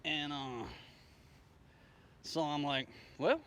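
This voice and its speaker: A man with a drawl tells a rambling, profane story, his pitch leaping high whenever he acts out what people said. His voice sits a little higher than most men's. Faint noise runs under the recording. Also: moderate pace. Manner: rambling, profane, animated quoting of dialogue. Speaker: storyteller recounting his day. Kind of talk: casual spoken story.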